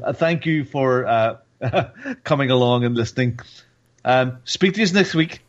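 A man hosting a casual gaming podcast, chatty and quick to laugh. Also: fairly high pitch, fairly bright tone. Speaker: podcast host. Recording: slightly dull lo-fi sound.

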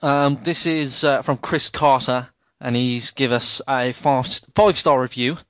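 A man's voice: mid-range voice, steady tone, unhurried, fairly bright tone, no echo. A man co-hosting a podcast, reading a listener review aloud in a playful way. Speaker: podcast co-host. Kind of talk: casual podcast chat.

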